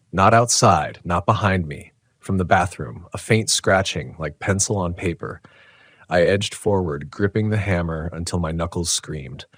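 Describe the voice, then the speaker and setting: Male narrator, deep, dry booth sound, tense hushed horror storytelling. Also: no echo.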